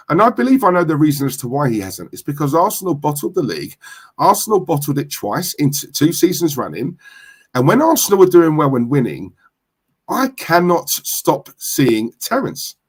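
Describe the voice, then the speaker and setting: A man's voice: on the high side, breathy edge. Chatty London man streaming. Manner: chatty, shouts out viewers with slang. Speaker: football livestream host. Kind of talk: casual live stream chat.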